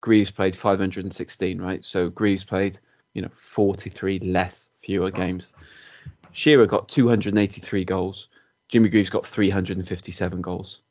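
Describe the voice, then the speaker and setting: A man with a very deep voice co-hosts a football podcast. He reels off statistics in a measured way. The recording is slightly muffled. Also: little pitch movement, a little mellow. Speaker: podcast co-host. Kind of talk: casual football chat.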